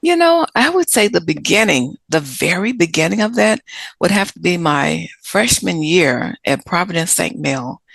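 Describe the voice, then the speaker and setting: Interview guest: woman from Chicago, low gravelly voice, lively storyteller. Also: moderate pace, dry recording. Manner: animated, acts out quoted people.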